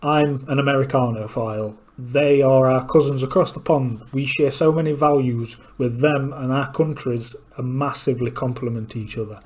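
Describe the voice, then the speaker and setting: A man's voice: mid-range voice, steady tone, normal speed, few pauses, a little mellow. A man giving blunt, opinionated commentary between clips and asking pointed questions. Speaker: political commentator.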